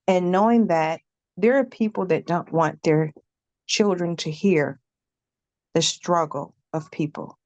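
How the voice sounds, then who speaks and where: धीमी, सोच-समझकर बोलती महिला. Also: female voice, on the low side, smooth, dry recording, highs cut off. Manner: slow, hesitant, reflective. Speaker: childcare provider, workshop participant. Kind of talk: personal sharing in an online workshop. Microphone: video call.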